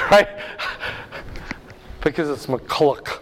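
A man's voice: a little high, fairly bright tone. A man teaching a Bible class in a conversational way, often checking in with his listeners by asking "right?". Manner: chatty, keeps checking in with "right?". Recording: long reverb of a large hall.

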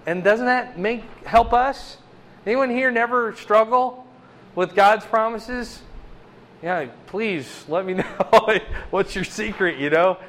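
Man, high voice, bible study leader, conversational, quizzes the group. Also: slow, a bit bright. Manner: chatty, asks the group questions.

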